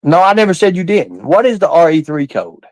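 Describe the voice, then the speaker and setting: Rambling live-stream guy with a lively voice. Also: fairly high pitch, brisk, no echo, poor audio. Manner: rambling, repetitive, quizzing the chat. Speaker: livestream host. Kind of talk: casual live-stream talk to chat.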